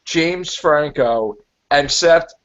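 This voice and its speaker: A man with a slightly raised voice rambles through a casual podcast chat, animated and full of acted-out quotes. The sound is dull and lo-fi. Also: a little high, drawn-out words. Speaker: podcast co-host.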